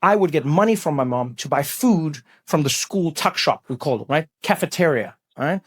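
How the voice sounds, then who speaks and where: A stand-up comedian with a notably high voice tells a story on a live stage. His delivery is animated and breaks into sudden loud bursts. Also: moderate pace, husky, no room sound, clean studio sound.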